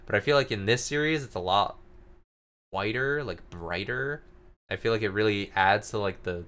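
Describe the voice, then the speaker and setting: A man with a lowish, bright voice talks casually on a podcast about comics. His speech rambles and is full of "like" fillers. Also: clean tone. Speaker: podcast co-host. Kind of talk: casual manga review chat.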